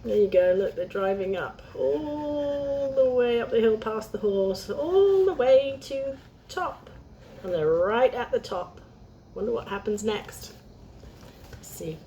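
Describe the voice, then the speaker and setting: A woman's voice: fairly high pitch, expressive, takes it slowly, mellow, a little hiss or hum. A young woman reading a picture book aloud, chatting to young listeners between lines. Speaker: storyteller.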